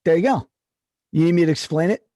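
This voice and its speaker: A man's voice: a little high, fast talker, dark tone, no echo. A man co-hosting a comedy podcast, arguing his point and teasing his partner. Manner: teasing, argumentative. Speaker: podcast co-host.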